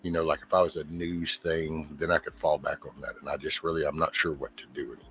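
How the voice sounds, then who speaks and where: A man hosting his own channel, talking in a casual, profane, exasperated ramble and mimicking other people in quick asides. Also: very deep voice, little pitch movement, fairly bright tone, soft background music. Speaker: YouTube channel host.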